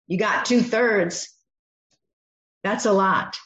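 A woman's voice: medium pitch, takes it slowly, fairly bright tone. A woman preaching a sermon, teaching from a Bible passage and acting out the voices she quotes. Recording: echoey dull room sound.

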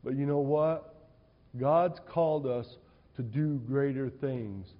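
A male preacher delivering a sermon in an animated, conversational storytelling way in a church hall. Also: mid-range voice, slow pace. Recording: dull, reverberant hall sound.

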